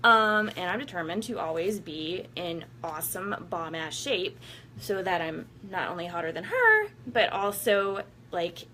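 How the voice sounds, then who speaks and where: A woman's voice: on the low side, sing-song, measured pace, pushed and bright, a little hiss or hum. A woman talking straight to her viewers, blunt and profane, laughing often and acting out what people say. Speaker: vlogger giving workout motivation. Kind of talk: casual candid monologue to viewers.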